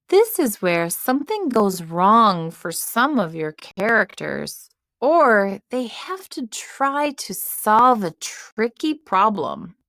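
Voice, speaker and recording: A woman narrating a children's writing lesson and storybook in a slow, clear delivery. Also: medium pitch, dry recording, studio quality. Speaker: teacher narrator.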